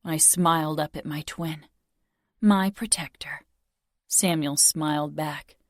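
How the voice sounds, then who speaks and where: A young woman narrating a romance audiobook in first person, soft, intimate and measured. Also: deep voice, little pitch movement, no echo, clean studio sound.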